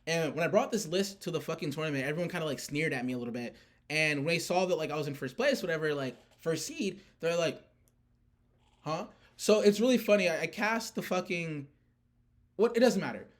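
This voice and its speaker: A man's voice: a little high, expressive, a little fast. A young man ranting casually about a card tournament, rambling with lots of fillers and swearing. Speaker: player recounting a card tournament. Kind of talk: casual rant.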